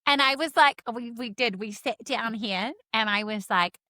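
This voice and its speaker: A New woman co-hosting a podcast, tired and animated, swearing freely and laughing often in casual chat. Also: a little high, normal speed, no room sound, clean studio sound. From New Zealand. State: worn out. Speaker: podcast co-host.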